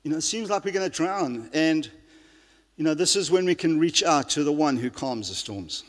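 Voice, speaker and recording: A man's voice: on the high side, expressive, normal speed, fairly bright tone. A male pastor giving an earnest sermon, often restarting his sentences and using fillers. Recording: long reverb of a large hall.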